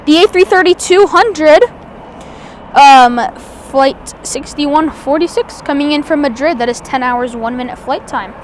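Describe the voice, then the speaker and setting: High-voiced woman chatting plane-spotting live. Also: unhurried, slight background noise. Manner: chatty, enthusiastic, rambling with restarts. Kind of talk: live aviation commentary. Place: outdoors at an airport.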